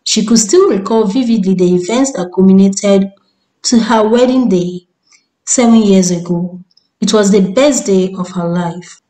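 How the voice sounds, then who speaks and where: A woman storyteller giving a measured, descriptive scripted narration. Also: medium pitch, mellow, poor audio.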